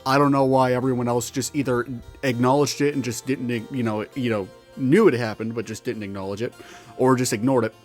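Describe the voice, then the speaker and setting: A weary, sardonic male monster with tails, played by a man tells his story in a rambling, profane and exasperated way. The voice sits at an everyday middle pitch. Soft music runs faintly underneath. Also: steady tone, fairly quick. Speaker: roleplaying storyteller. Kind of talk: in-character storytelling vlog.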